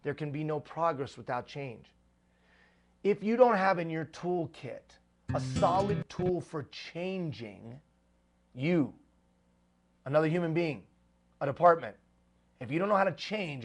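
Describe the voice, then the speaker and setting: A man's voice: on the high side, expressive, measured pace. A man giving a live motivational talk to executive leaders. He speaks emphatically and repeats refrains for rhetorical effect.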